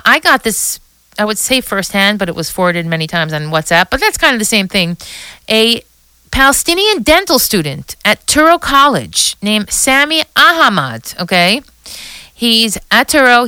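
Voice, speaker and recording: A middle-aged woman hosts her own podcast in a casual, excited monologue. Her voice is bright and smooth, and it sits dry and close to the mic. She is emotional, stumbling and restarting as she gushes. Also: mid-range voice, no echo. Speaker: podcast host.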